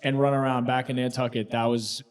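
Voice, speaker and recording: A man in his thirties co-hosting a live podcast on stage before an arena crowd, relaxed and teasing, with casual slang. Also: mid-range voice, a little fast, clear, resonant tone, soft background music. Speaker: podcast co-host. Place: large arena, live audience.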